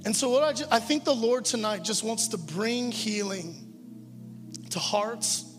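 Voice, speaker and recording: A man's voice: high-pitched, a little slow. A man, a pastor, preaching a sermon in a church in an earnest, conversational way, often stumbling over his words. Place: church hall. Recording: long hall reverb with music.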